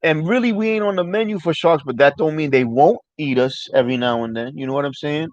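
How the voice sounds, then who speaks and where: A man's voice: on the high side, fast, dry recording. A man hosting a casual livestream chat, rambling loosely and swearing often while answering viewers. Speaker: livestream host. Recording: dry, dull lo-fi mic.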